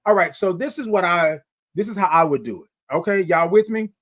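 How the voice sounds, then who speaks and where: High-voiced, exuberant livestream host. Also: male voice, brisk, fairly bright tone. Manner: exuberant, sings greetings, reads chat comments aloud. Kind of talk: casual motivational livestream chat.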